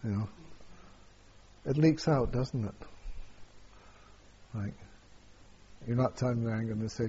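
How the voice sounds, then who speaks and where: A man, a meditation teacher, answers questions at a retreat in a halting way, with many fillers and restarts and frequent chuckles. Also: medium pitch, mellow, slightly rough, muffled recording.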